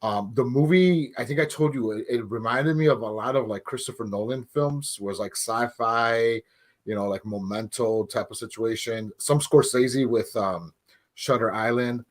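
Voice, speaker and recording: A man co-hosting a movie podcast in casual chat, relaxed and rambling with many fillers. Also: mid-range voice, normal speed. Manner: relaxed, rambling, lots of likes and ums. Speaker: podcast co-host.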